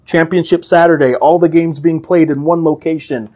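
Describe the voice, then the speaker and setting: A man hosting a casual sports interview, asking relaxed, teasing questions and answering with short acknowledgements. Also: on the high side, moderate pace, dull audio. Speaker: host.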